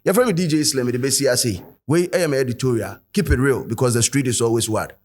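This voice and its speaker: A man's voice: mid-range voice, a little fast, darkish tone, slightly rough. A man with a Ghanaian accent hosting a show, giving chatty commentary and mixing English with local-language phrases. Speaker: host. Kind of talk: casual commentary to camera.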